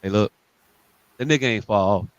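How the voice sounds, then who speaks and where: A man's voice: lowish voice, moderate pace, clear, resonant tone, dry recording, lo-fi sound. A man co-hosting a podcast, ranting angrily and profanely with lots of repetition. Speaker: podcast co-host. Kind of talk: heated podcast rant.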